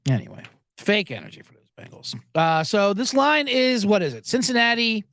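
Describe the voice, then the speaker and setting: Animated, sarcastic podcast host man. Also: sits high, normal speed, no room sound, clean studio sound. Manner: animated, sarcastic, swears a lot. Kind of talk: profane sports betting rant.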